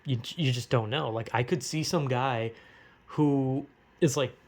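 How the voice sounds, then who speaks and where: A man's voice: medium pitch, unhurried. A young man vlogging from home, rambling in a casual monologue full of filler words and swearing, laughing between thoughts. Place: at home, cooking.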